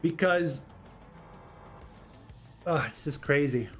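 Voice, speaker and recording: A man's voice: a little high, slow pace, a bit bright, faint music behind. A man hosting a solo political commentary livestream, answering chat in an argumentative, rambling way and often repeating himself.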